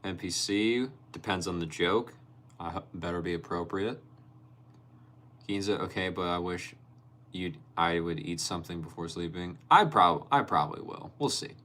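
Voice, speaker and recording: A man's voice: sits low, normal speed, sharp tone. A young man hosting a casual livestream, reading viewer comments aloud and laughing often. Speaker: livestream host reading chat. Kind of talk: casual live-stream chat.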